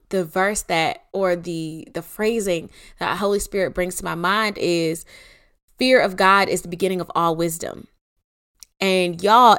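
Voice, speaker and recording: A young adult woman with a lowish, slightly bright voice hosts a casual faith podcast. She speaks candidly and conversationally, dropping in casual slang.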